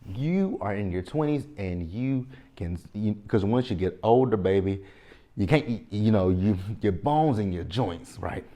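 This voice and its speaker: A man's voice: lowish voice, dark tone. A man in his thirties with a Southern US accent, rambling casually and informally through a TV episode recap. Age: 30s. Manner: chatty, rambling, informal with slang. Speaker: TV show recap vlogger. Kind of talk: casual show review.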